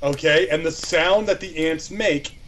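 A man co-hosting a podcast outdoors, chatting in a halting way and restarting his sentences. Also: on the high side, fairly bright tone, a little hiss or hum. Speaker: podcast co-host. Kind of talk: casual chat. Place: outdoors by a campfire.

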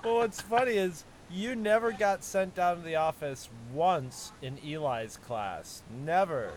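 A man's voice: high voice, a little slow. A man reminiscing with old school friends, chiming in with reminders and laughing along. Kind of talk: casual reminiscing. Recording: crowd noise behind.

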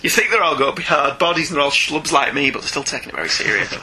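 A man from Ireland co-hosts a casual podcast and reads listener emails aloud, often breaking into laughter. His voice is very bright and forward, sitting a little high for a man. A sore throat roughens it. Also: lively intonation, racing, slight background noise, rough recording. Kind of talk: casual chat.

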